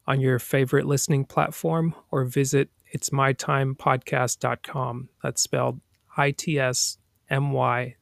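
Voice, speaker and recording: A man hosting a podcast, reading a daily motivational passage aloud in a slow, deliberate way. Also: mid-range voice, creaky, dry recording, studio quality. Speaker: podcast host.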